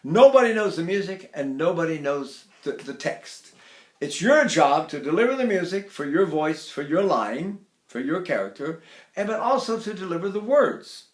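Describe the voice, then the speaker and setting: Older man, high voice, echoey room. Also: big pitch swings, normal speed. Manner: demonstrates by sighing and singing phrases high. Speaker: voice teacher. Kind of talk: vocal technique lesson.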